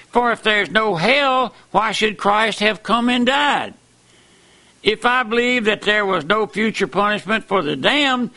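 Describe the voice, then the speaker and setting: High gravelly-voiced preacher man. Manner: fervent, emphatic with wide swings in loudness. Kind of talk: sermon.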